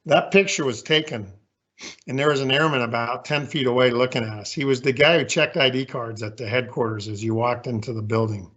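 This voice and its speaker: A man's voice: mid-range voice, steady tone, fairly quick, fairly bright tone, dull audio. A man in his sixties giving a candid, folksy, self-deprecating leadership talk with slides as a guest speaker.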